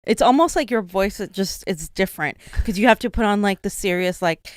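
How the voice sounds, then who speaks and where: A woman's voice: mid-range voice, animated, moderate pace, hardly any pauses, dry recording, clean studio sound. A woman co-hosting, chatting casually with lots of filler and agreeing along. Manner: chatty, many likes, agreeable. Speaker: co-host. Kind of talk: casual chat.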